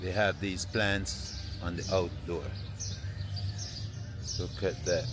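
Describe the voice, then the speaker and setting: A man, vlogging casually while walking through an open-air plant nursery with a handheld phone, relaxed and repeating "yeah, man" often. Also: deep voice, slow pace, heavy background noise. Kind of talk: casual walking vlog to camera.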